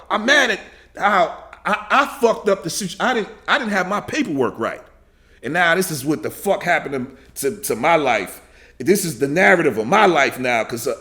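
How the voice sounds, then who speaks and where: A man in his thirties hosting a reaction video, ranting angrily and profanely, repeating himself and shouting in bursts. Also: high-pitched.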